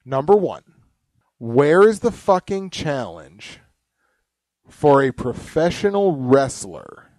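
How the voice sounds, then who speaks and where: A man's voice: a little high, sing-song, slow pace, a little mellow, no echo. Joking, profane podcast man. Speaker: podcast co-host. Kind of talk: casual chat. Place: home basement.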